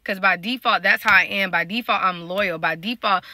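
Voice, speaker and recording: A woman's voice: medium pitch, moderate pace, bright, forceful tone, dry recording. A woman, talking casually to her viewers about faith and relationships. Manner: talks in a loose, conversational way, addressing viewers directly. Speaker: prophetic dreamer and life coach. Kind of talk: casual spiritual vlog talk.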